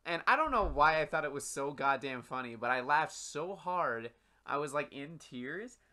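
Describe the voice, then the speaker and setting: A man's voice: on the high side, expressive, normal speed, pushed and bright. A young man co-hosting a casual podcast, laid-back and swearing casually as he tells stories. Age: young adult. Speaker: podcast co-host. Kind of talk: casual chat.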